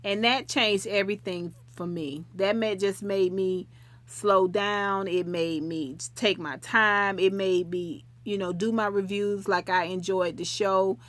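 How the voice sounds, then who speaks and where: A woman's voice: mid-range voice, fairly even intonation, a little slow, fairly bright tone. A middle-aged woman hosting a live stream, chatting casually with viewers in a talkative, folksy way. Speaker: livestream host.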